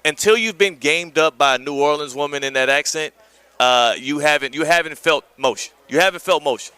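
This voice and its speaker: A man from Houston, hosting a live sports radio show from a golf tournament and switching between lively storytelling and smooth promo reads. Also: a little high, fairly quick, dry recording. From Houston, Texas. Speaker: radio host.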